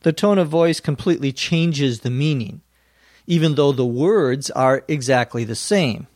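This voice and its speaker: A male English teacher and host slowly explaining phrases to language learners, speaking clearly and giving acted example lines. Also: on the high side, darkish tone, no room sound, clean studio sound.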